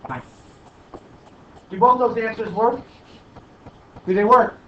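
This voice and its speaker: A man's voice: high voice, takes it slowly. A male math teacher questioning and coaxing his students through a problem in class. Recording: echoey classroom from far off, dull, light noise.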